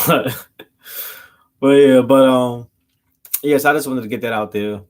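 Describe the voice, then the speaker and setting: This Philadelphia man, a vlogger, rambles through a story to his channel in loose, slangy talk. His voice sits at medium pitch and moves a little slowly.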